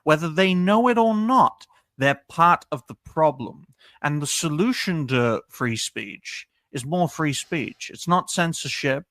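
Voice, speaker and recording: A man's voice: a little high, expressive, unhurried, fairly bright tone, no room sound. A man on a podcast panel, arguing his point in an emphatic, lecturing way with lots of repetition. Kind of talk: casual online debate chat.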